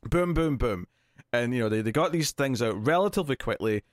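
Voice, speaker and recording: A man's voice: medium pitch, expressive, fairly quick, dry recording, studio quality. A man co-hosting a movie podcast, chatting casually and animatedly, laughing often and restarting his sentences. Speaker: podcast co-host. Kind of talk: casual movie review chat.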